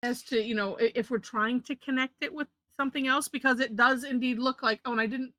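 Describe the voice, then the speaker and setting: Bright chatty woman teaching drawing. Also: high voice, steady tone, brisk, no echo. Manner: chatty, self-correcting, laughs often. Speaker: drawing instructor. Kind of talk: live online drawing lesson.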